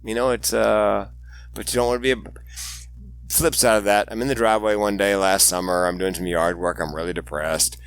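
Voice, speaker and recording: Older guy, low voice, tells jokey stories in an interview and does little voices. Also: fairly quick, creaky, no room sound. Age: 60s. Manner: animated joking storyteller, acts out voices in anecdotes. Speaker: guest, suicide prevention speaker. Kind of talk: storytelling interview chat.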